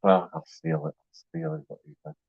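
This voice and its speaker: A man's voice: deep voice, sing-song, brisk, vocal fry, slightly rough, no echo. A man, a YouTube vlogger rambling in a boastful, jokey way, swearing and laughing as he talks. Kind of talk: casual rambling monologue. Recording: dull lo-fi dry sound.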